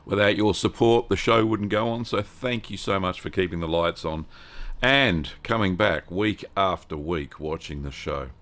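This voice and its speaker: A man's voice: deep voice, normal speed. A man in his fifties with an Australian accent, chatting casually with viewers as host of a livestream. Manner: relaxed, rambling, greets chat viewers by name. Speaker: host of a cheese-making livestream.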